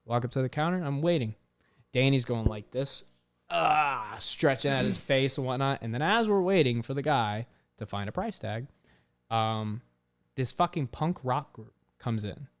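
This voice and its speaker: Young man, podcast host, casual storytelling, lots of swearing, smooth clear voice. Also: mid-range voice, normal speed. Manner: animated, swears often, heavy use of "like".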